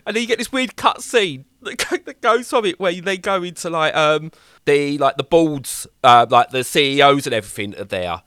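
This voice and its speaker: A young man co-hosting a casual chat, rambling and animated as he acts out little voices. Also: on the high side, moderate pace, smooth, dry recording, studio quality. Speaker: podcast co-host reviewing games.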